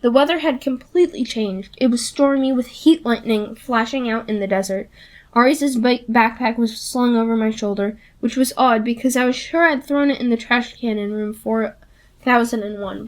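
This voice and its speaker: A woman reading a novel aloud in steady, plain first-person storytelling. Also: a little high. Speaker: audiobook reader.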